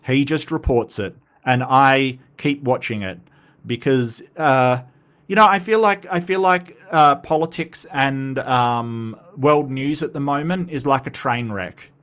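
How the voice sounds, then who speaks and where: Australian male streamer, casual host, rambling and chatty, mid-pitched. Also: measured pace, fairly bright tone. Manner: chatty and rambling, with frequent restarts and asides. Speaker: livestream host. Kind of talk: casual livestream commentary.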